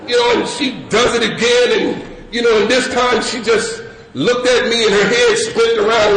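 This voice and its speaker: A middle-aged man telling his story to a recovery meeting in loose, animated talk full of "you know" and "man". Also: very high-pitched, normal speed, over a noisy crowd. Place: meeting hall with an audience. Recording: echoey room with audience and background noise.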